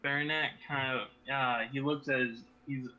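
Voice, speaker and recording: A man playing a tabletop game, describing his character in a relaxed, offhand way. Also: mid-range voice, unhurried. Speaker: player. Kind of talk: casual tabletop play. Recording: dull lo-fi sound.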